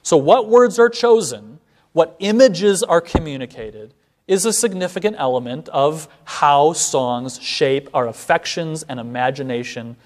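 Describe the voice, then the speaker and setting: A man giving a seminary classroom lecture, explaining step by step and slowing down to recite lines of verse. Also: fairly high pitch.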